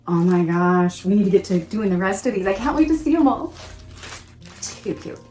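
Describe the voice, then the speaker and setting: A woman hosting a casual crafting tutorial, gushing and excitable, often exclaiming over her work. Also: medium pitch, moderate pace, roomy sound. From Pacific Northwest of the US. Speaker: crafting channel host.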